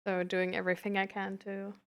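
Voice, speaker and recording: A woman's voice: mid-range voice, completely flat delivery, a little fast. A young woman from Germany with a light German accent, chatting casually with her live-stream audience and laughing often. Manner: giggly, chatty, reacts to chat.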